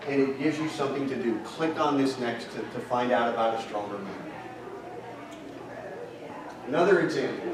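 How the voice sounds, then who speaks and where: Male seminar speaker quizzing the crowd, distant mic in a reverberant hotel room. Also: on the high side. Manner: fires rhetorical questions at the audience. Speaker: seminar presenter. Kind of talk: marketing seminar lecture. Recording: echoey hall, distant mic, audience present.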